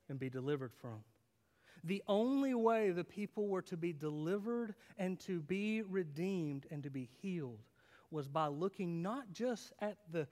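A male pastor delivers a sermon in a notably high voice. He swings between loud, emphatic declarations and quiet, intimate asides, often questioning his listeners. A long reverb trails his words in the church. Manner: dramatic, rising and falling intensity, rhetorical questions.

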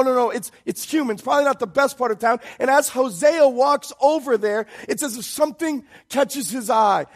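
A man preaching a sermon as pastor, swinging from hushed pleading to loud shouted emphasis. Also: very high voice.

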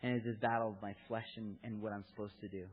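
A man's voice: fairly low pitch, little pitch movement, fast, breathy edge. A man in his thirties giving an earnest, candid sermon to fathers, telling stories from his own family. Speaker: preacher at a church gathering for fathers. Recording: tinny phone-like lo-fi recording.

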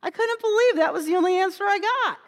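A woman retelling a parable as a first-person story, in an animated, emotional way. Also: very high-pitched, fast. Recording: long hall reverb.

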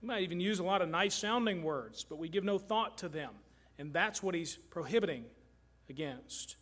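A middle-aged man from Kentucky delivers a sermon from the pulpit. His voice sits high for a man, and his earnest, emphatic delivery leans on repetition to drive each point home. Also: moderate pace, a bit bright. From Kentucky, USA. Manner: earnest, emphatic preaching with repeated phrases. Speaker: pastor.

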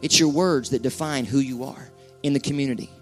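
A man's voice: mid-range voice, fairly quick, faint music behind. A male pastor preaching a sermon to his church in a folksy, conversational way with colloquial asides.

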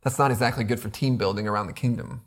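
A male pastor with a medium pitch and steady tone preaches an expository sermon at a quick pace. Earnestly, he builds to emphatic rhetorical questions and repeats words as he drives points home.

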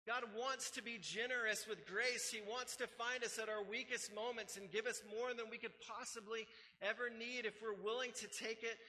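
A man delivers a sermon as pastor, his high-pitched voice strikingly bright and sharp. He drives his points with emphatic repetition and slips into relaxed, conversational asides. The sound carries the long reverb of a large church hall. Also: moderate pace.

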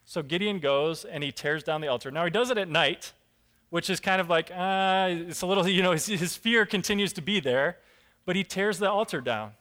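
Bright-voiced casual man preaching. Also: high voice, normal speed. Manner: casual, self-deprecating, acts out the characters' lines. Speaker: pastor. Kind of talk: conversational sermon.

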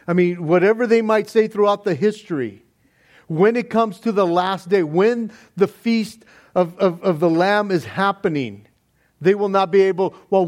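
A man preaching a sermon in a deliberate manner, with soft laughs between points. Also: sits high. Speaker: pastor.

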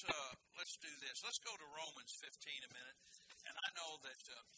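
This fairly high-voiced male pastor preaches a sermon a little fast and in a folksy, loose style, tossing in jokes on the side and tripping over restarts. Behind him, the room carries a distinct background hum.

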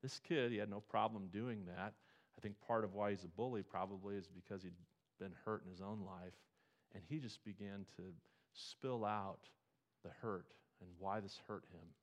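A man preaching a sermon, telling stories and moving between quiet, reflective passages and loud, emphatic ones. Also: on the low side, fairly even intonation, moderate pace. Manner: storytelling, swings from quiet to emphatic.

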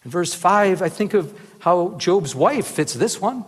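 Male Bible teacher, high voice, earnest and conversational, echoing hall. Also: a little slow, husky. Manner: earnest, rises into animated emphasis, often asks "remember?". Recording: reverberant hall.

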